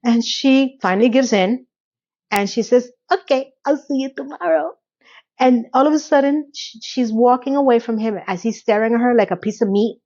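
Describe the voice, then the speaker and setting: A woman's voice: fairly high pitch, normal speed, darkish tone, muffled recording. A woman giving a casual, sassy TV recap, talking straight to the viewer in a chatty way. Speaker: recap vlogger.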